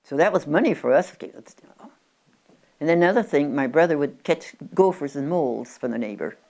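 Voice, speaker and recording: Woman in her 90s, low voice, rambling reminiscence, chatty, stumbling restarts. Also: expressive, moderate pace, vocal fry, a little mellow. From Oregon, USA. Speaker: interviewee. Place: at her country home.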